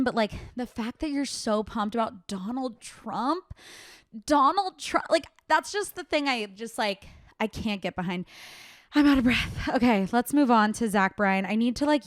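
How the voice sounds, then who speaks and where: A woman's voice: medium pitch, dry recording, clean studio sound. A young woman hosting a solo podcast, ranting in a fired-up way and swearing often. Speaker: podcast host.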